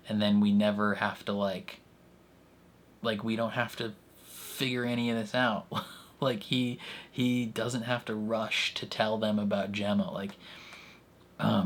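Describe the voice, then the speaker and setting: A man's voice: fairly low pitch, a bit bright. A man casually reacting to a TV episode, chatty and rambling, with lots of filler words. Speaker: reaction channel host.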